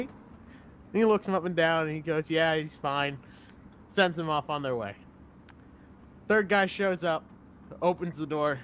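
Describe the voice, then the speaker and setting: Young guest commentator, a man, upbeat storyteller, higher voice, faint background noise. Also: a little slow, pauses often, fairly bright tone, dull audio. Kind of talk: joke telling and casual chat.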